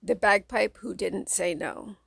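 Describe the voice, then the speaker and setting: Soft-spoken woman reading poems, gravelly. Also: medium pitch, a little slow, no room sound. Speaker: audiobook reader. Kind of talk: reading children's poems aloud.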